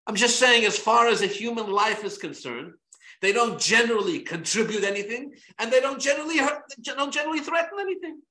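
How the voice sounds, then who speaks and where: Bright, high-voiced male rabbi lecturing, roomy echoey sound. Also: brisk. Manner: animated, repetitive, many restarts. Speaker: rabbi teaching a Torah class. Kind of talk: Torah class lecture.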